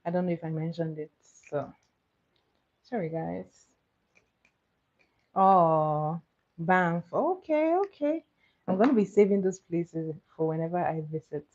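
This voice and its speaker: A woman's voice: on the low side, steady tone, unhurried, pauses often, a little mellow. A woman chatting casually with live viewers while doing her makeup. She answers their comments and laughs often. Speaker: makeup livestream host. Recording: slightly muffled, dull sound.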